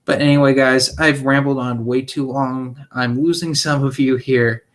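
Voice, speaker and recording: A man's voice: medium pitch, fairly even intonation, moderate pace. Rambling casual young man streaming. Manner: rambling, casual, swears freely, frequent ums. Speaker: channel host. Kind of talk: rambling live stream chat.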